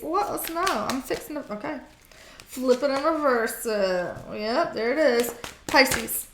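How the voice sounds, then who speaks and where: A woman's voice: high voice, lively intonation, a little slow, echoey room, background noise. A woman doing a casual tarot reading for the zodiac signs, talking in a chatty, blunt way with fillers, swearing and laughter. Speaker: tarot reader.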